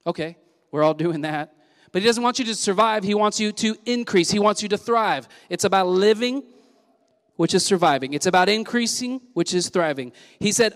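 A male senior pastor preaching a sermon with energy, punchy repetition and call-and-response with the congregation, recorded in a church sanctuary. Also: high-pitched. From Southern California. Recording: long church hall reverb.

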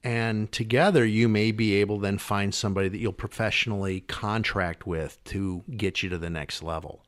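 A man's voice: fairly low pitch, steady tone, normal speed, fairly bright tone. A man hosting a podcast interview, chatty and prone to repeating words as he thinks. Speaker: podcast host.

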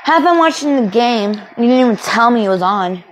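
A woman's voice: fairly high pitch, lively intonation, moderate pace, slight background noise, close to an everyday voice, rough recording. A young woman acting a volatile young woman kicked out by her family, ranting and swearing with sarcasm in an amateur film. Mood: angry.

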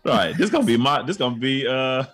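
A man co-hosting a casual podcast chat, talking animatedly and slipping into high mocking voices. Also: animated, fairly quick, a bit bright. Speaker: podcast co-host.

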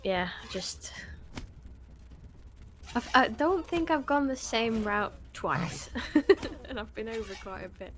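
A woman talking casually with friends during a game session. She is chatty and explains things in long, meandering stretches. The talk is relaxed and everyday. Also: fairly high pitch, slow pace, pauses often. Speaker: gaming stream co-player. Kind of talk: casual chat while gaming.

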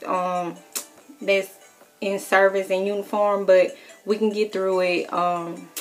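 Friendly Southern woman vlogger, mid-pitched, casual and encouraging with lots of ums. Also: flat delivery, unhurried, faint music behind. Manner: chatty and encouraging, frequent ums, repeats words for emphasis. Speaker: military service member vlogger. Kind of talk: casual how-to vlog chat.

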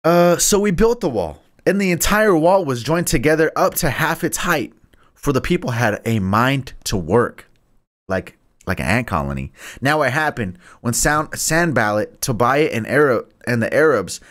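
A man hosts a live-streamed Bible study, reading aloud alone in a room into a studio microphone. He's laid-back and chatty, stumbles over difficult names, and laughs at his own jokes. His mid-range voice is expressive and fairly bright, at a moderate pace.

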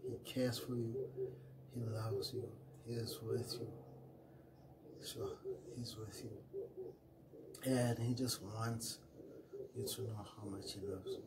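A preacher delivers a short devotional sermon in a lowish, flat voice, speaking slowly with long pauses over a noisy background. He is earnest and repetitive, his phrases often fading quietly at the end, and he reads scripture aloud, correcting himself with small apologies.

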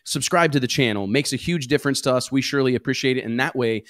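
A man hosts a casual talk show with easy, rambling energy. His voice sits at an ordinary middle pitch, recorded dry and close with no room sound. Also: quick pace, fairly bright tone, no echo. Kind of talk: casual podcast chat.

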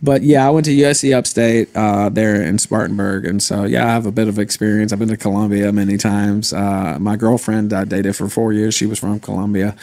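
A man's voice: on the low side, fairly even intonation, brisk, few pauses, darkish tone, no echo. Easygoing man with light Southern accent. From Memphis, Tennessee, USA. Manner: easygoing, many "uh" fillers, laughs often. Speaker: stream host. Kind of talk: casual chat.

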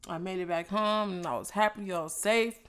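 A woman vlogger telling a casual story while eating, loose and profane, with animated reenacted exchanges. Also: medium pitch, moderate pace, clear, resonant tone.

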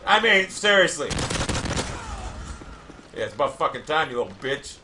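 A man giving profane gameplay commentary, loudly raging and shouting at other players. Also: fairly high pitch, big pitch swings, normal speed, noisy background. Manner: shouts in bursts of frustration. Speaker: gamer.

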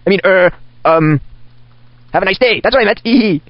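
A man's voice: high voice, fairly quick, dry recording. A man giving in-character game commentary as an insane Santa, cackling and ranting in a manic way, on a sped-up home recording. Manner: manic, cackling, putting on a crazed Santa persona. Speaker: gamer playing in character. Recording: dull lo-fi sped-up desktop recording.

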